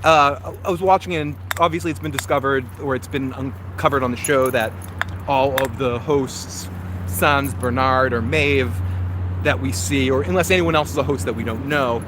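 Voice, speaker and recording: A man's voice: mid-range voice, normal speed. A man hosting a casual live-stream review while walking outdoors, rambling and correcting himself as he talks. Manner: rambling, self-correcting, chatty. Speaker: host. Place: outdoors in a park. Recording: outdoor traffic noise.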